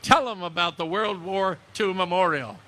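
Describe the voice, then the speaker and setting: A man in his nineties, a Merchant Marine veteran, giving a solemn, measured memorial speech outdoors. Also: sits high, sharp tone. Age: 90s. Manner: solemn, measured oratory with recited verse. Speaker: World War Two Merchant Marine veteran speaker.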